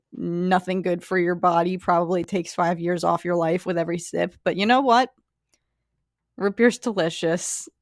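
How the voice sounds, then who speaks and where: A young woman chatting casually with her viewers, animated and full of fillers. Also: mid-range voice, no room sound, clean studio sound. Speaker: streamer answering chat. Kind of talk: casual chat.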